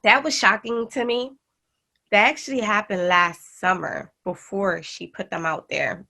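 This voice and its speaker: Young woman guest, bright voice, animated storyteller in casual chat. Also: mid-range voice, measured pace, creaky. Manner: excited storyteller, animated retellings. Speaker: guest artist and jewelry designer.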